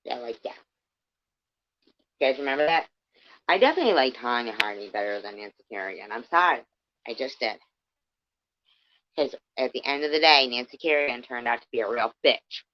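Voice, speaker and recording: A woman's voice: extremely low pitch, expressive, fairly quick, long pauses, no room sound. A woman hosting her channel, reading a book aloud and breaking off into rambling, profane asides. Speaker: channel host. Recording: dull lo-fi dry sound.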